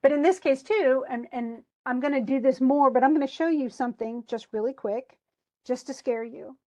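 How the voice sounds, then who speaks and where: A woman tutoring a student on poetic meter. She thinks aloud with restarts and slows down to stress syllables. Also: high-pitched, a little mellow. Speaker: poetry teacher.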